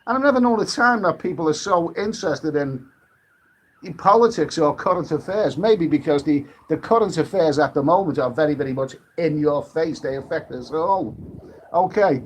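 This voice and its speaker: A man from the UK, hosting a casual live stream, rambling and halting with many restarts while reading out viewer comments and drinking. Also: fairly high pitch, lively intonation, a little hiss or hum. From United Kingdom.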